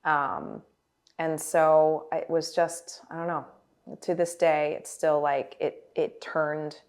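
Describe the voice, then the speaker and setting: A woman's voice: deep voice, slow pace. A woman in her forties, a guest performer, chatting animatedly in an interview with many fillers and restarts. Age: 40s. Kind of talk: casual interview storytelling.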